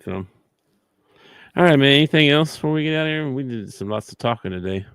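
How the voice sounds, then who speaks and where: A man with a gravelly, creaky voice, recorded dry and close with no room sound. He co-hosts a sports podcast in an easygoing manner, teasing his partner and laughing often. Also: mid-range voice, animated, fairly quick, fairly bright tone, no room sound. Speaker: podcast co-host. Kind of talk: casual chat.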